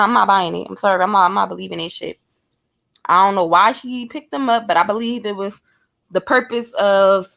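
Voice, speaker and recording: A woman's voice: medium pitch, fairly bright tone. A woman giving blunt, profane commentary, speculating and talking straight to her viewers in a casual vlog. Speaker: true crime commentator.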